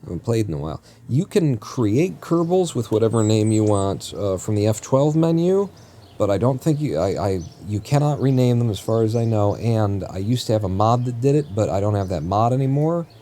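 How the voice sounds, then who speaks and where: A man's voice: fairly low pitch, lively intonation, a little fast, dark tone, a little hiss or hum. A man streaming a game live, chatting casually in a rambling, joking way and often correcting himself mid-sentence. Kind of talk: casual live-stream chat while playing.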